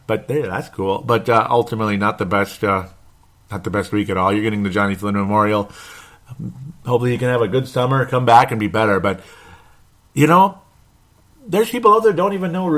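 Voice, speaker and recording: A man's voice: fairly low pitch, fairly bright tone. A man hosting a sports podcast, rambling and blunt, with mild swearing and frequent chuckles. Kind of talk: casual sports commentary podcast.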